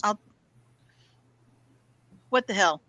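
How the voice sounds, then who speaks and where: A woman playing a tabletop game, animated and quick to laugh. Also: dry recording. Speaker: player. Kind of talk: casual tabletop play.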